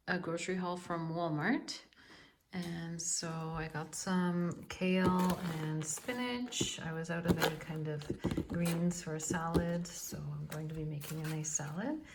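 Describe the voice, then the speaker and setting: A middle-aged woman hosts a casual grocery haul vlog, chatting in an unhurried way with many ums and uhs. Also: fairly low pitch, a little hiss or hum. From Canada. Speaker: host.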